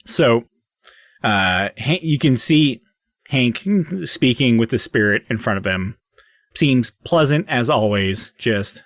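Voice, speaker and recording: A man's voice: medium pitch, animated, slow pace, a bit bright, dry recording, clean studio sound. A man narrating as game master in a loose, hesitant way with many fillers.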